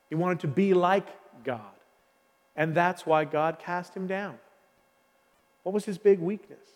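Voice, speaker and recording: High-voiced preacher with long reverb. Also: male voice. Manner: passionate preaching with dramatic pauses and repetition. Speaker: pastor. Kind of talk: sermon.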